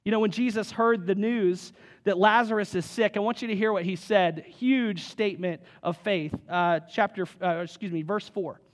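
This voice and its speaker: A man's voice: sits high, moderate pace. A man pastor giving a sermon in a church, conversational and plain-spoken, asking the congregation questions and joking lightly.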